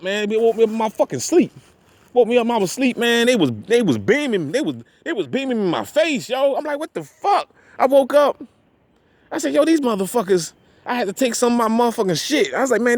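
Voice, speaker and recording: A man with a somewhat high-set voice rambles on outdoors in a loose vlog monologue. He swears constantly, leans on street slang, and keeps circling back with "you know what I'm saying." The talk is repetitive and stream-of-consciousness. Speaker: vlogger. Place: outdoors at a park parking area.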